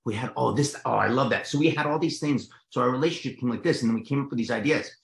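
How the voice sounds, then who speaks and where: A man's voice: medium pitch, fast, creaky. Jersey-accented man, rambling, echoey. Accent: New Jersey. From New Jersey. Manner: rambling, stumbling restarts. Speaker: actor guest. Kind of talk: casual interview chat.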